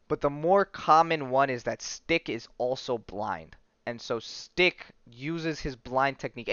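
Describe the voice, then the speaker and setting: A podcast host recapping a comic book story in a relaxed, rambling way, with many fillers and self-corrections as he reads the dialogue aloud. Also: medium pitch, clean tone, dry recording, highs cut off.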